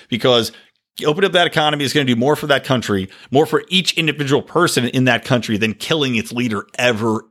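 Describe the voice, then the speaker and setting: A man's voice: on the high side, a bit bright. A man hosting a solo political podcast, delivering opinionated, profane and sarcastic rants. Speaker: podcast host.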